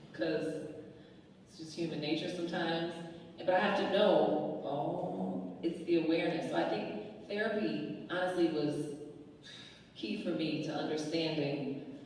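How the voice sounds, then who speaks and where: A woman's voice: low-pitched, a little mellow, slight background noise. A woman on a panel speaking thoughtfully and reflecting on her own experience. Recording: echoey hall from far off.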